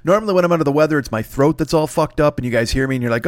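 A man's voice: a little high, very fast, hardly any pauses, no echo, clean studio sound. A man hosting his podcast, under the weather, rambling and swearing with many restarts in a casual solo announcement. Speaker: podcast host.

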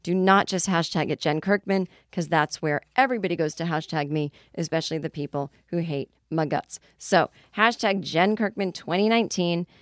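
Woman host in her forties, lower voice, dry close mic, casual animated storytelling. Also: moderate pace, hardly any pauses, no echo. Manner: animated storyteller with shrieked outbursts. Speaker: podcast host.

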